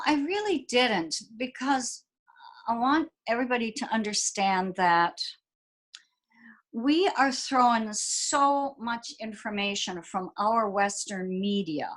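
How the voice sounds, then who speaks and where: A woman who is an interview guest, telling stories in an animated, expressive way. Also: mid-range voice. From United States. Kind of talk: casual storytelling in an interview.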